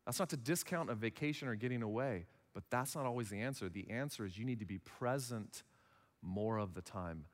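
A pastor in his thirties with a fairly low, lively voice preaches a sermon at a brisk pace, with big-room sound. He keeps it conversational and acts out little dialogues in other voices.

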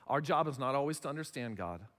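A man's voice: mid-range voice, animated, fast, fairly bright tone, big-room sound. A man in his thirties preaching a sermon as pastor, conversational, acting out little dialogues. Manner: conversational, acts out little dialogues in other voices.

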